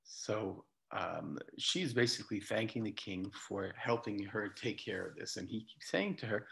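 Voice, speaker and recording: A man's voice: on the low side, animated, a little slow, vocal fry, few pauses, fairly bright tone, breathy edge. A man who is a rabbi, giving a conversational lecture that retells a bible story and quotes its figures. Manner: conversational, with restarts and quoted speech. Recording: dull lo-fi lecture recording.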